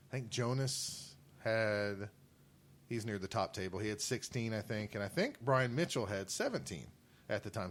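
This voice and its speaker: Animated man telling podcast stories. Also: medium pitch. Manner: animated storytelling, laughs often. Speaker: podcast co-host. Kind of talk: casual chat.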